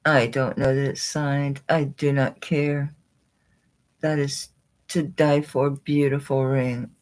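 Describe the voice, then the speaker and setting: A woman running a live jewelry sale, chatting excitedly and talking to the pieces she pulls out. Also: rumbling low, takes it slowly. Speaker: online jewelry seller. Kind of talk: live-stream sales chat.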